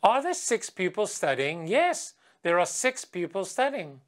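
In a video lesson for kids, a female English teacher speaks slowly and clearly with patience. She quizzes the children and chants along with them, her voice rising higher and livelier when she sings.

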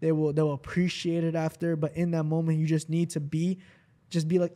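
A man's voice: on the high side, level tone, fairly quick, dark tone. A young man co-hosting a podcast, talking earnestly and agreeing readily, with many fillers like "like". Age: young adult. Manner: earnest, affirming, heavy use of "like". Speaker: podcast co-host, host's son. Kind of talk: casual podcast chat.

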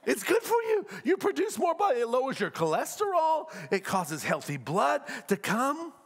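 Lively high-voiced man preaching. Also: moderate pace. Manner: animated preaching with rhetorical questions and acted-out quotes. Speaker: pastor. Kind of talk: sermon.

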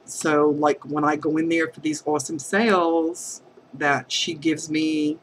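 A woman crafting vlogger talking heartfelt to camera, hesitant and halting, earnest and emotional. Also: low voice, steady tone, a little hiss or hum, low-quality recording. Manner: emotional, affectionate.

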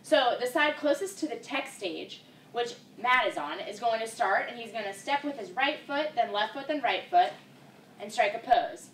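A woman's voice: fairly high pitch, expressive, normal speed, fairly bright tone. A young woman teaching line dance steps, upbeat and counting each move out aloud. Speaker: dance instructor. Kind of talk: step-by-step dance instruction. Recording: roomy and distant with faint background noise.

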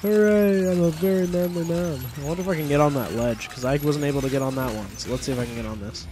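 A young man talks through a video game in a loose, rambling way, cursing offhandedly and grumbling at the game's quirks. His voice sits at an ordinary male pitch. A faint noise runs under the recording. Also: rapid-fire, darkish tone. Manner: rambling, swears casually, easily annoyed. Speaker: gameplay commentator. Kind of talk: casual let's-play commentary.

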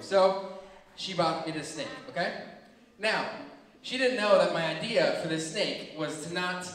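A young man telling children a funny story from his childhood, animated and acting out screams and voices. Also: high-pitched, unhurried. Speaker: children's ministry speaker. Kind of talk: storytelling to kids. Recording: echoey hall from far off.

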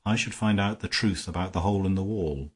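A calm, wry gentleman detective talks things through quietly in a storybook reading, voiced by a man. His voice sits deep and a little husky. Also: a little fast. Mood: thoughtful. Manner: low, thoughtful, dry.

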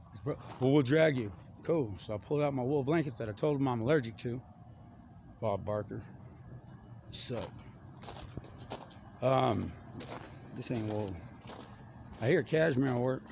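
A man's voice: medium pitch, warm tone, slight background noise. A man talking in a loose, rambling monologue, jumping from one topic to the next. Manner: stream-of-consciousness, jumping between topics.

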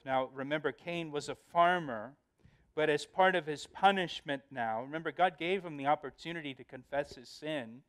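A man's voice: fairly high pitch, moderate pace, fairly bright tone. A male pastor giving a verse-by-verse Bible study, earnest and emphatic, often repeating words as he explains.

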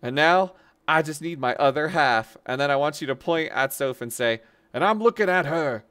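A woman's voice: deep voice, expressive, moderate pace, a bit bright, clean tone. A woman streamer in casual livestream chat, laughing a lot as she feeds a friend prank lines to repeat.

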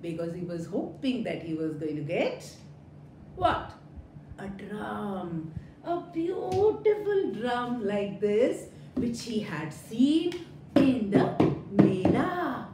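Woman storyteller for kids, animated and questioning, unhurried with big pitch swings. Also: slight background noise. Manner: animated, sing-song, asks children questions. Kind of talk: children's storytelling. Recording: roomy echo.

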